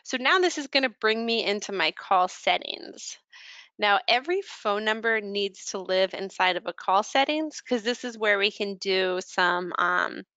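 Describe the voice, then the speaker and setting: A woman giving a casual software training walkthrough, filling her pauses with ums while she clicks through settings. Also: mid-range voice. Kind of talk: screen-share product walkthrough.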